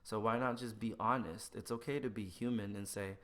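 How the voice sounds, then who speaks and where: A man in casual conversation who acts out both sides of everyday exchanges with lively shifts in his voice. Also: medium pitch, fairly quick, hardly any pauses. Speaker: podcast guest. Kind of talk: casual chat.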